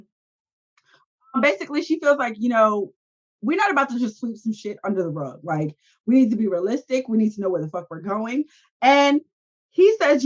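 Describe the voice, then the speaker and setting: A woman's voice: fairly high pitch, animated, fairly quick, highs cut off. A woman co-hosting a casual podcast, recapping a reality show in a blunt manner, swearing freely. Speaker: podcast co-host.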